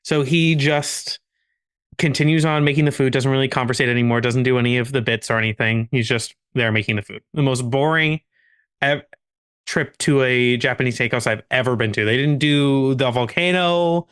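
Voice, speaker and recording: A man's voice: mid-range voice, steady tone, moderate pace, a bit bright, clean tone. Man telling a rambling story. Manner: rambling anecdote with restarts and laughter. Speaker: podcast co-host. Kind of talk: casual storytelling among friends.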